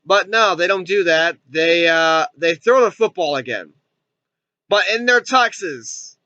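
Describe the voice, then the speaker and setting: A man's voice: high voice, expressive, takes it slowly, sharp tone, no room sound, dull audio. A man reviewing a movie in a casual, rambling recap, full of fillers and loose asides. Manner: rambling, heavy on fillers like "and everything".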